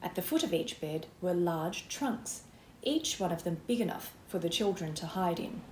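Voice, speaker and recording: A woman's voice: lowish voice, animated, normal speed, a little mellow, a little hiss or hum. Woman reading a children's book, roomy sound. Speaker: author reading aloud. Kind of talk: children's book read-aloud.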